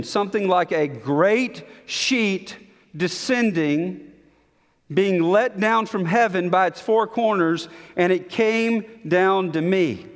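Man, preacher, high voice, slow deliberate delivery, dramatic pauses, emphatic repetition, reverberant church hall. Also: a bit bright. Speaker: pastor. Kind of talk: sermon.

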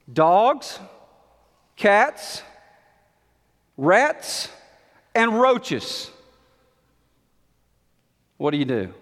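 A man preaching a sermon with dramatic pauses and emphatic repetition, in a church sanctuary. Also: sits high, a bit bright, long reverb tail. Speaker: pastor.

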